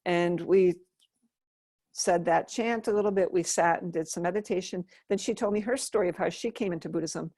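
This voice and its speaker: In a clean studio recording with no room sound, a middle-aged American Buddhist nun tells her life story during an interview. She speaks in a lowish voice at a moderate pace, soft-spoken and earnest, frequently restarting what she's saying.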